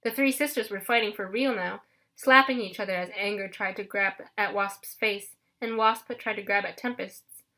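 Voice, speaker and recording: A woman narrating an audiobook in a lively first-person storytelling manner. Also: medium pitch, moderate pace.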